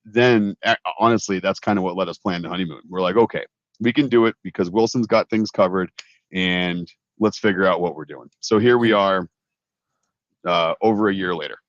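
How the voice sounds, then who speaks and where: A man's voice: low voice, normal speed, no echo. A man co-hosting a casual livestream from his honeymoon, easygoing and rambling with lots of fillers. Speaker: co-host, company owner. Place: outdoors on honeymoon at a beach resort. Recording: dull lo-fi stream audio.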